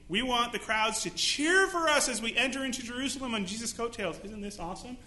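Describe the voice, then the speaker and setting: Bright-voiced preaching man in echoey church. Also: extremely high pitch, lively intonation, a little fast, hardly any pauses. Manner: preaching with dramatic acted-out quotes. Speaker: pastor. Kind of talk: sermon. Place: church sanctuary.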